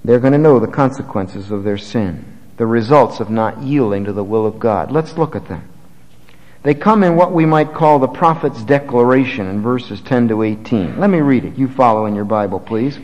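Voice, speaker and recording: A man's voice: mid-range voice, expressive, normal speed, a little mellow, big-room sound, low-quality recording. A male pastor preaching a sermon, reading scripture aloud and building to emphatic, rising passages.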